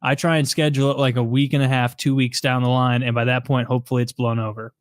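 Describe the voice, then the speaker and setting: A man co-hosting a podcast, adding dry deadpan quips in casual chat. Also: mid-range voice, fast talker, no echo. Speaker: podcast co-host.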